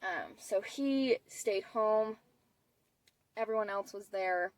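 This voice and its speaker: A vlogger of about twenty tells a personal story in a chatty way, with many fillers and restarts. Her voice is medium-pitched and slow, and the low-quality recording has no room sound.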